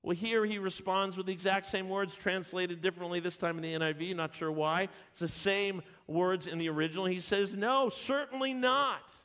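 A man's voice: high-pitched, level tone, brisk, few pauses, fairly bright tone. A man preaching a sermon, emphatic at points and often restarting his words. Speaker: pastor.

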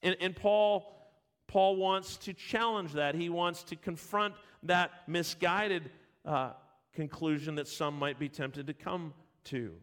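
A man's voice: on the high side, slow, a bit bright. A man preaching a sermon, emphatic at points and often restarting his words. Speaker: pastor.

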